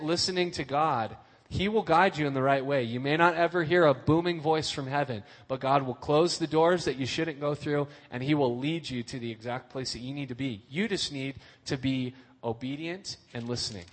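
A man's voice: a little high, moderate pace, fairly bright tone. A man giving a casual youth sermon, conversational and asking his listeners questions as he reads and explains scripture. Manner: conversational, asks the room questions. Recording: long hall reverb.

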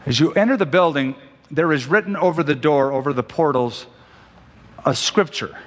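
A man preaching a sermon as pastor, slowing down and stretching out the scripture he quotes for emphasis. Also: on the high side, a bit bright. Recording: long hall reverb.

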